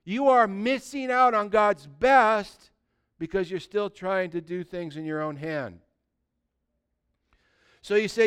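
A male pastor preaching a sermon with passion, rising to loud exhortations and dropping to hushed, drawn-out emphasis, and briefly acting out the voices of people he quotes. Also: high voice, smooth.

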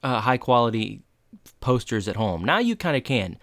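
A man's voice: mid-range voice, sing-song, normal speed, fairly bright tone, dry recording, studio quality. A man co-hosting a casual chat and recapping a TV episode, acting out the characters' lines as he tells it. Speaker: podcast co-host.

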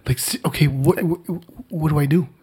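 A man chatting casually as a new father, telling stories in an animated, swearing, "dude"-heavy way. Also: on the high side, fairly quick, husky. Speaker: father of a newborn. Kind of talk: casual chat.

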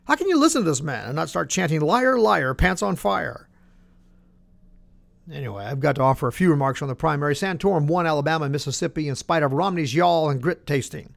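Gravelly sarcastic man, political monologue. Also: fairly high pitch, lively intonation, racing, hardly any pauses, no echo. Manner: sarcastic, folksy asides, rhetorical questions. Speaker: talk show host.

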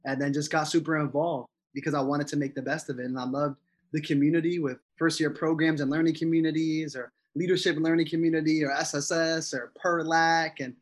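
Upbeat young man, a bit high-voiced. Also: little pitch movement, brisk. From Connecticut, US. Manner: enthusiastic, many filler words. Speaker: podcast guest. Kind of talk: casual interview chat.

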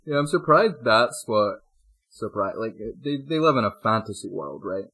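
A man co-hosts a comedy podcast, throwing in wry questions and quick reactions. His voice has a slightly husky edge. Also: on the low side, lively intonation, a bit bright, no room sound. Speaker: podcast co-host. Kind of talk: casual comedic chat.

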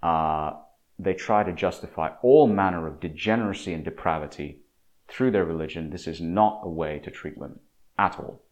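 A man's voice: low voice, moderate pace, a little mellow. A man delivering an opinionated monologue in a preachy, emphatic way, often stumbling and repeating words.

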